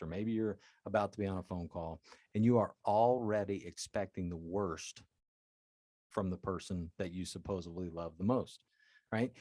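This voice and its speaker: A man's voice: deep voice, a little mellow, no room sound, clean studio sound. A man hosting a solo advice podcast as a life coach, talking earnestly and directly to his listeners.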